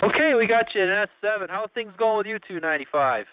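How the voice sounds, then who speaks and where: Man, high voice, chatty radio host, muffled sound. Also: animated, fast talker. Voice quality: chatty, joking, laughs often. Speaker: net control host of a radio check-in. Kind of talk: casual radio chat. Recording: muffled audio with faint noise.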